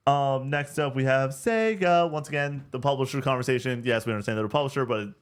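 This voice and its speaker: A man in his regular spot co-hosting a relaxed gaming chat. He gets worked up fast, trips over his own words and drops the odd swear. His voice sits right in the middle of the usual range for a man. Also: medium pitch, smooth. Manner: animated, excitable, swears, many restarts. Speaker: podcast co-host.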